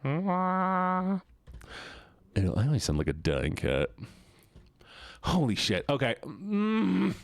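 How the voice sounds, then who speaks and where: Male streamer, casual and jokey, big pitch swings, dry close-mic sound. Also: takes it slowly, long pauses, no echo. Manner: animated, joking, often laughing. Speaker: live streamer. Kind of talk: casual live-stream chat while gaming.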